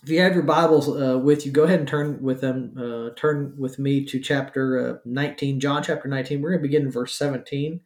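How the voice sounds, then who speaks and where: A man's voice: medium pitch, fairly even intonation, a little fast, hardly any pauses, a little mellow, echoey room. A man preaching a conversational sermon, full of fillers and checking in with "right?". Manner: casual, asks "right?" often, many fillers. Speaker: pastor.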